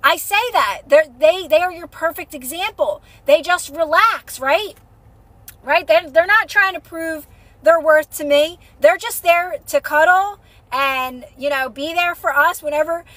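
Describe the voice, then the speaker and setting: A woman's voice: very high-pitched, a little slow, a bit bright, dry recording. A young adult woman hosting a casual livestream chat on a phone mic, talking to viewers in a chatty, reassuring way with many fillers and repeats. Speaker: livestream host, manifestation coach.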